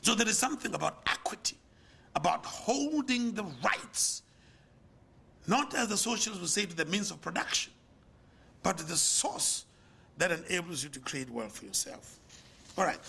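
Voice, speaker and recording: A man's voice: big pitch swings, moderate pace, gravelly, bright, forceful tone, husky. An older man with a South African accent giving a conference lecture with a preacher's rhetorical, emphatic cadence. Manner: rhetorical, emphatic, swings in pitch and volume. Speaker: conference speaker, pastor. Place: lecture hall.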